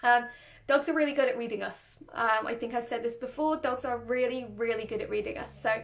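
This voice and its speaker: A young woman explains handling a nervous dog in an easygoing, talkative way. Her voice sits high and bright in pitch, and she laughs easily between points. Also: fairly quick, creaky. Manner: chatty, laughs often, demonstrates voices. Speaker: dog trainer. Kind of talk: casual explanatory talk to camera.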